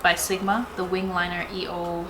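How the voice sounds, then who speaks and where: A woman's voice: on the low side, normal speed, reverberant. A young woman with a Canadian Toronto accent, chatting casually as a guest while doing her makeup. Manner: chatty, animated when telling stories. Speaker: guest beauty vlogger. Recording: clear background noise.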